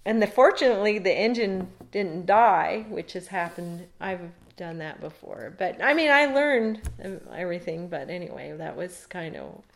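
A woman's voice: on the low side, normal speed, vocal fry, few pauses. A middle-aged woman being interviewed, telling a long story casually with rambling asides. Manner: rambling, animated, laughs while telling.

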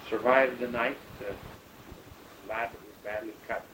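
A man spins a long, halting yarn in a casual way, stopping often and raising his voice to play out what others said. His voice sits at an ordinary middle pitch. The recording sounds roomy, with a loud hiss underneath. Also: steady tone. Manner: rambling, halting with many pauses and fillers. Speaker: storyteller recounting a rescue. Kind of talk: casual oral-history storytelling.

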